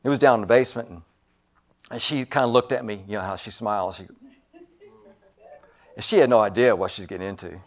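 A man preaching a sermon, emphatic and repetitive, swinging between loud stresses and hushed asides. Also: lowish voice, fast, pauses often.

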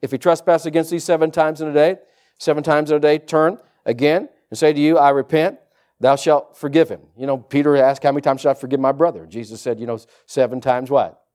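A male pastor preaching a sermon, reading scripture aloud and rising into loud, fervent preaching. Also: a little high, steady tone, fairly quick.

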